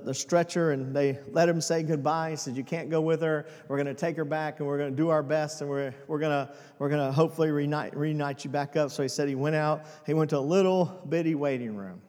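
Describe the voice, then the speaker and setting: A man preaching a sermon as pastor, swinging between hushed and loud passages. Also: fairly high pitch, steady tone, brisk, hardly any pauses, big-room sound.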